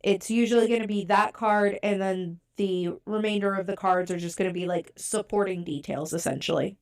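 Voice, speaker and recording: A woman hosts a casual podcast about tarot, chatting conversationally with many fillers while her nose sounds stuffy and congested. Her mid-range voice is steady and moves at normal speed.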